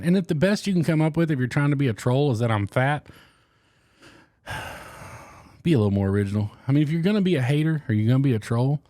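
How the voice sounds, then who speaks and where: A man hosting his own fishing channel talks straight to the viewer in loose, rambling, joking chat. His voice sits at a middling pitch, and the sound is close and dry with no room echo. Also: warm tone. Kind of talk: casual chat to camera.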